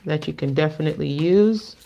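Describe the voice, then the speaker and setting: Low-voiced woman from the Caribbean. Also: a little fast, vocal fry, mellow, slight background noise. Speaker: co-host and card reader. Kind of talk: casual livestream chat.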